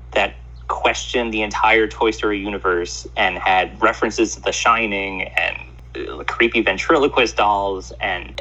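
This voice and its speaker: A man co-hosting a casual chat, telling joking, animated stories over lo-fi remote audio. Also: fairly low pitch, husky. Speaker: podcast co-host.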